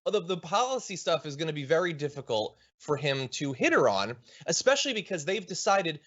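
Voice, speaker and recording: Man, talk show host, political commentary, wry, slightly high voice, muffled lo-fi sound. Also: very animated, a bit bright. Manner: quick, wry, talks through points aloud. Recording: muffled lo-fi audio.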